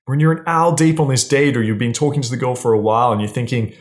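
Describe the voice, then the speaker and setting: A man's voice: medium pitch, fast talker, few pauses. A man giving casual, blunt dating advice straight to camera, swearing freely and often checking in with "right?". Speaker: dating coach.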